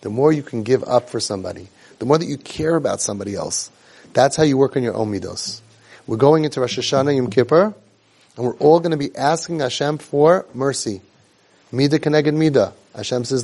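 A middle-aged man speaking in a middle pitch, teaching a group of young people with earnest conviction. He presses his points with rhetorical questions and repeated phrases. Hebrew and Yiddish religious words run through his speech. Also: animated, a little fast, vocal fry, darkish tone. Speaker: family support trainer. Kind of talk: instructive talk to a group of young siblings.

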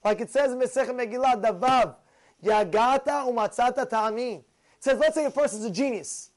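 A man giving an informal Torah lecture, an animated storyteller who swings between loud excited bursts and low muttered asides. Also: a little fast. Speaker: rabbi giving a Torah talk.

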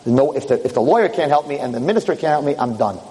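Male preacher, story-driven lecture, acts out every character, very animated, reverberant hall. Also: medium pitch, fast. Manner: acts out each character with shifting voices. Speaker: rabbi giving a lecture. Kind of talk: storytelling sermon.

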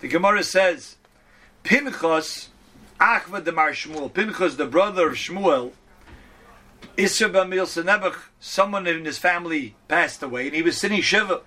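A man giving a Talmud lesson, quoting Hebrew and Aramaic texts and explaining them in an animated way. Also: fairly high pitch, normal speed. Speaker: Torah teacher. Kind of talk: Talmud class teaching.

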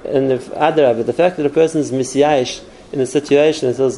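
A man's voice: mid-range voice, fairly even intonation, quick pace, noisy background. A man giving an earnest spoken Torah class, explaining step by step with numbered points. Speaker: Torah teacher.

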